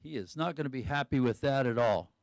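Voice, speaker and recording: A man's voice: medium pitch, lively intonation, brisk, gravelly, no echo. A man giving live sports commentary who chats and thinks aloud about each skier's options.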